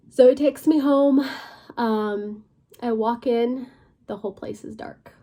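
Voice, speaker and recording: A woman's voice: mid-range voice, unhurried, gravelly, warm tone. Young woman telling a personal story. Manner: conversational, many fillers, drops to a near whisper at tense moments. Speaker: vlogger.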